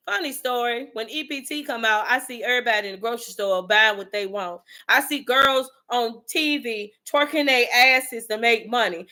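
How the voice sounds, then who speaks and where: A woman launches into an impassioned motivational rant, fiery and preachy throughout. Her voice sits high and rings bright and sharp. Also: normal speed, hardly any pauses. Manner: fiery, preachy, street-talking. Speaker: host.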